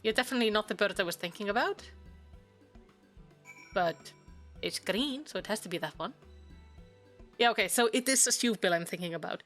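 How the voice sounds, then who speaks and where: A woman's voice: medium pitch, expressive, brisk, pauses often, fairly bright tone, faint music behind. A woman from Iceland chatting playfully while streaming a game. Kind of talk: casual gameplay commentary.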